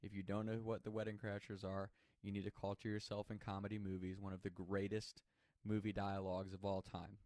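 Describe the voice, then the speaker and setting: A man's voice: lowish voice, completely flat delivery, a little fast, a little mellow, no echo. A man telling a personal story in a casual, chatty way, swearing freely and laughing as he goes.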